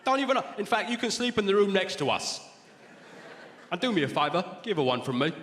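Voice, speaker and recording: A man's voice: high-pitched, very animated, fairly quick, reverberant, in a large hall, noisy background, pitched above the performer's own voice. A man voicing a brash, crude, cheerful father in a stand-up act-out. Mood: boisterous.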